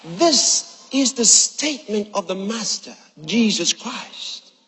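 A man preaching a sermon, quoting scripture slowly and with emphasis between long pauses. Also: high-pitched, animated, sharp tone, breathy edge. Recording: long reverb of a large hall.

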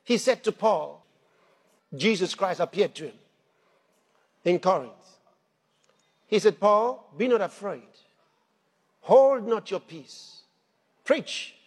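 A man preaching a sermon, animated, laughing between points and rising to shouts at the peaks. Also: high voice, slightly rough. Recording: long hall reverb.

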